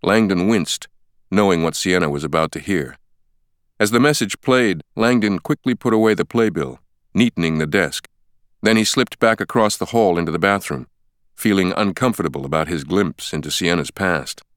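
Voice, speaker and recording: A deep male voice reads an audiobook with steady, measured pacing. His tone is smooth and resonant, recorded close and completely dry. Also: dry recording. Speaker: audiobook narrator. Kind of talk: scripted audiobook narration. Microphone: close studio mic.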